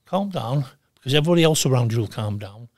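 An older man in his sixties, talking bluntly and with lots of swearing in a casual interview, telling animated stories. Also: medium pitch, racing, no echo, clean studio sound. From Wales. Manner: blunt, profane, animated storytelling. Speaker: guest, former goalkeeper.

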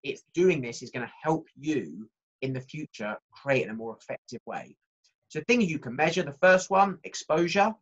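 Lively man presenting a workshop, muffled sound. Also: on the high side, normal speed. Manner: lively, conversational, talks straight to the audience.

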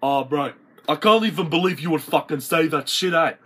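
A man playing a hot-tempered young Australian lad in a comedy sketch, shouting swear-filled threats. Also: fairly high pitch, expressive, fairly quick, slightly rough, exaggerated voice. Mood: aggressive.

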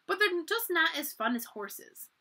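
A woman's voice: very high voice, very animated, a little slow, bright, forceful tone, pitched above the performer's own voice, heavily acted. A woman voicing an earnest, spirited young girl in a storybook reading. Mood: teasing.

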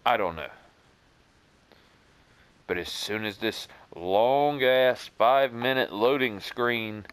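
Wry, rambling gaming commentator. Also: male voice, lowish voice, a bit bright, clean tone, dry recording. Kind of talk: let's play commentary.

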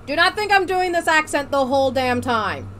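A woman's voice: high-pitched, normal speed. A woman streaming a video game in casual commentary, playful and swearing, slipping into a mock pirate way of talking. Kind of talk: casual let's-play commentary. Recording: streaming mic with steady noise.

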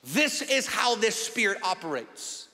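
A man's voice: sits high, very animated, measured pace, sharp tone. A man pastor preaching a sermon emphatically, with long repetitions. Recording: long hall reverb.

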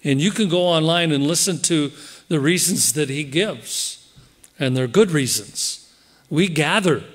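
A pastor preaching a sermon in church, lively and direct, slipping into quoted voices as he explains the text. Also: fairly high pitch, unhurried. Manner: animated, acts out quoted voices.

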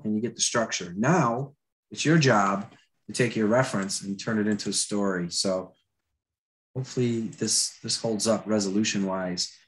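A man teaching storyboard drawing in a live demo, with a dry throat he keeps clearing. He talks loosely and chattily, with many fillers and restarts. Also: on the low side.

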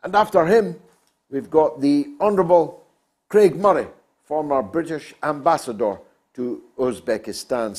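A man's voice: a little high, darkish tone. A man hosting a talk show, delivering an emphatic, oratorical monologue.

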